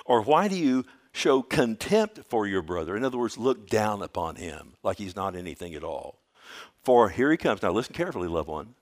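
A man preaching a sermon, earnest and conversational, often asking "Amen?" and calling listeners "loved one", rising to loud, emphatic bursts and dropping to soft asides. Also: fairly low pitch, big pitch swings, moderate pace. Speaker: pastor.

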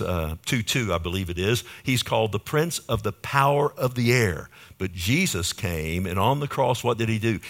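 A male pastor preaching a sermon, asking the congregation questions and building emphasis on key phrases. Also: fairly low pitch.

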